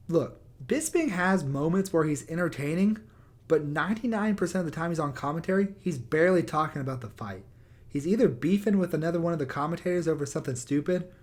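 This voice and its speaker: A young man on his own microphone, ranting in a heated, sarcastic way with lots of swearing. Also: a little high. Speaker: YouTuber. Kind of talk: profane rant. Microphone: new microphone.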